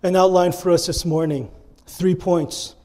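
Mellow-voiced man preaching a sermon. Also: high voice, fairly even intonation, unhurried. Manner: earnest, repeats key phrases for emphasis. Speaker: pastor.

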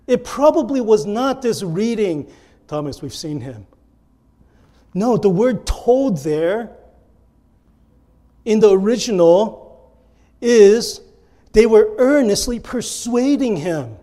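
A man's voice: high-pitched, unhurried, mellow. A male pastor preaching a sermon and acting out the lines he quotes with earnest emphasis.

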